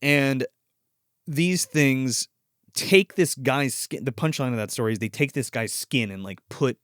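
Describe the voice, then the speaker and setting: A man co-hosting a casual movie review chat, excitedly retelling scenes with lots of swearing and quick put-on voices. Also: mid-range voice, no room sound, studio quality. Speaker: podcast co-host.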